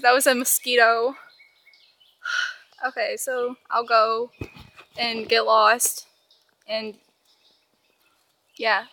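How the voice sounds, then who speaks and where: A teenage girl films herself on a handheld camera while walking in the woods, her voice high and bright. She talks slowly and drags things out, panicking and poking fun at herself. Faint outdoor noise sits behind her. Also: vocal fry. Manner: dramatic, self-mocking, panicky. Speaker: vlogger. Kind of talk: casual vlog narration while hiking.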